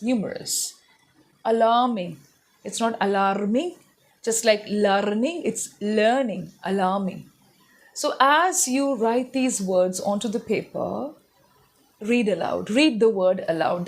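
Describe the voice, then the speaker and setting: A young woman teaches English pronunciation in a recorded lesson, pausing to say each word out slowly and clearly. Her pitch sits in a middle range for a woman, and she talks to her learners in a patient, explaining manner.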